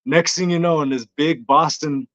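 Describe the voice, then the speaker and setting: Male fighter guest, relaxed storyteller, halting and easygoing, muffled lo-fi audio. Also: on the high side. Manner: easygoing, hesitant, lots of ums. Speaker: bare knuckle fighter, guest. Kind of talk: casual interview storytelling. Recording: dull lo-fi sound.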